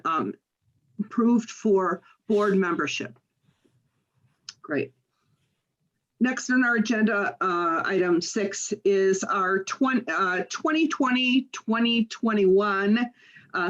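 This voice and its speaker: A woman chairing an online board meeting, talking slowly with many pauses and fillers. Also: medium pitch, a bit bright, lo-fi sound. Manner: slow, halting, many fillers.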